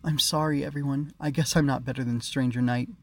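A man voicing a proud, bossy young girl ruler in a high, bright put-on child voice, for an audiobook. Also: fairly even intonation, brisk, close to an everyday voice. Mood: pleading. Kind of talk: audiobook character reading.

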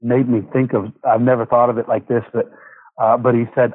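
A man's voice: medium pitch, flat delivery, husky, dry recording. Reflective man on a tinny phone line. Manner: reflective, halting with fillers. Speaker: guest. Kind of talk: casual faith conversation.

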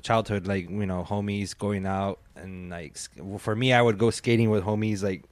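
A man's voice: fairly low pitch, moderate pace, dry recording. A man co-hosting a podcast in casual chat, laid-back and joking. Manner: laid-back, relaxed, with fillers and joking asides. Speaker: podcast co-host. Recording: dry close mic.

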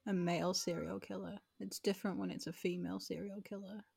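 Woman, New Zealand accent, gravelly voice, measured casual chat. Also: on the low side, fairly even intonation, darkish tone. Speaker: podcast co-host.

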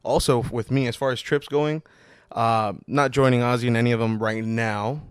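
A laid-back young man with a mid-range voice chats casually on a podcast and often cuts in with quick exclamations. His voice sounds dry and close to the mic. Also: mid-range voice, fairly even intonation, clean tone, no room sound. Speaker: podcast co-host. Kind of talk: casual chat.

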